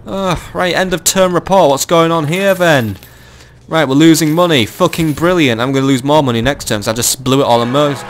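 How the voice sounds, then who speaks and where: A man's voice: on the high side, brisk. Exasperated young man ranting over a game. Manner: swearing, exasperated, ranting, with bursts of mock outrage. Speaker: gaming let's-play host. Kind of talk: casual gameplay commentary. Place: at home, keeping his voice down.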